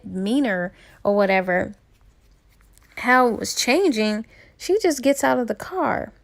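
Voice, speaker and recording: A woman reviewing a book by retelling its plot in a chatty, filler-heavy way. Her voice sits on the higher side and is full of gravelly fry. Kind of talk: casual retelling of a novel's plot.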